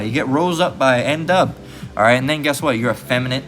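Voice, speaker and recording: A man's voice: medium pitch, brisk, fairly bright tone. A man preaching in a blunt, crude rant, swearing freely and tagging nearly every sentence with "all right?". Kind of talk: profane street preaching rant.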